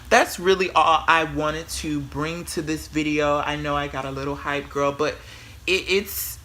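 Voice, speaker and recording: A man, a spiritual worker, giving sassy, profane motivational talk to camera in a brash, animated way. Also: fairly high pitch. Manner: brash, animated, swears freely, calls the viewer bitch and girl; repeats and restarts words when excited.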